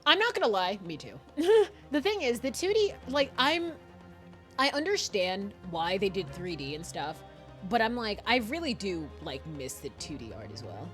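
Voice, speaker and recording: A young woman streaming a game, chatting casually with viewers in a giggly, animated manner and swearing now and then. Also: medium pitch, moderate pace, soft background music. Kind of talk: casual chat while playing a game.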